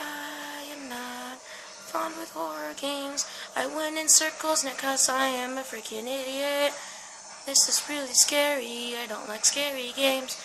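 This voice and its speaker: A woman's voice: high voice, unhurried, gravelly, background noise. A woman giving jumpy, swear-laden commentary while playing a horror game. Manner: jumpy, swearing, talks to herself. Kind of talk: let's-play commentary.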